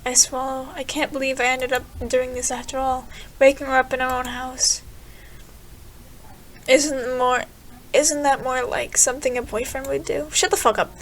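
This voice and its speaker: A woman's voice: sits high, flat delivery, moderate pace, a little hiss or hum. A young woman gaming creator reading a visual novel aloud, trailing off and restarting her sentences. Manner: reads game text aloud, trailing off and restarting.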